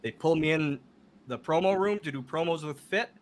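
A man telling stories as a podcast guest, animated and laughing as he talks. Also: on the high side, moderate pace. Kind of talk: casual storytelling.

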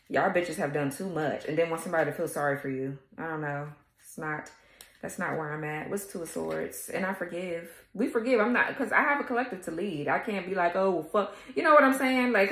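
This tarot reader has a fairly low, fairly bright voice in a reverberant space. Reading cards casually for her viewers, she addresses them directly, curses freely, stays blunt and sassy, and laughs at times.

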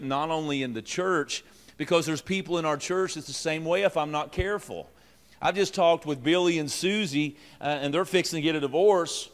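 A middle-aged man, a pastor teaching leaders in a folksy, joking way with many fillers and restarts. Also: a little high. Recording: long reverb from a hall.

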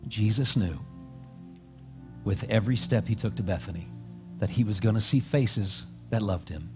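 A man's voice: fairly low pitch, moderate pace. A male pastor preaching a sermon in a church, telling the story vividly and acting out its scenes. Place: church sanctuary. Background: soft music.

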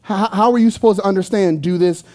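A pastor with a high, slightly mellow voice speaks at a quick pace into a handheld microphone during his church sermon. He keeps things playful and conversational, peppering his preaching with jokes and asides for the congregation.

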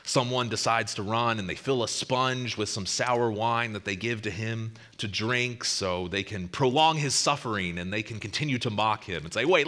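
A man preaching a sermon as pastor, swelling to loud emphasis and then dropping to a hushed close, sometimes repeating words as he restarts. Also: fairly low pitch.

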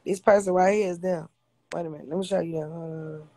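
A woman's voice: on the low side, steady tone, fast talker, dark tone, no room sound. Blunt, profane woman livestreaming. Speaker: livestream host. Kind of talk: casual livestream rant. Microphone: phone.

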